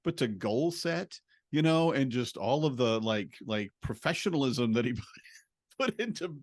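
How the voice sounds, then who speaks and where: A middle-aged man co-hosting a podcast, telling a family story with lively acted-out dialogue and laughter. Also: medium pitch, a little slow, no echo, studio quality. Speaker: podcast co-host, stay-at-home dad. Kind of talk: casual storytelling chat.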